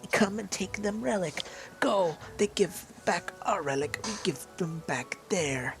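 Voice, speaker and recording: A gamer voicing a small, proud male kobold chief who speaks in slow, broken phrases. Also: mid-range voice, animated, gravelly, faint music behind, pitched above the performer's own voice. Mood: boastful. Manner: broken grammar, slow and stubborn.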